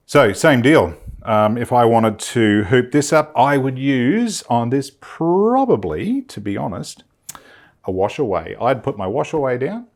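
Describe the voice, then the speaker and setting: A man's voice: medium pitch, big pitch swings, normal speed. A man giving a casual, chatty sewing demonstration in a studio, enthusiastic and thinking aloud with fillers. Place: film studio.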